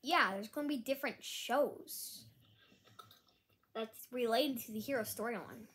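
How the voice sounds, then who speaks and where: A woman talking casually to camera in a rambling, halting apology vlog. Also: a little high, a bit bright, a little hiss or hum. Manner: rambling, halting, with frequent restarts. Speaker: vlogger. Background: dog nearby.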